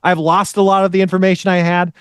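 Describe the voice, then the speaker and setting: A man's voice: sits high, flat delivery, fast, clear, resonant tone, no room sound, clean studio sound. A man hosting a podcast in casual chat, rambling and swearing as he rants. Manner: rambling, profane, ranting. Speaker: podcast host.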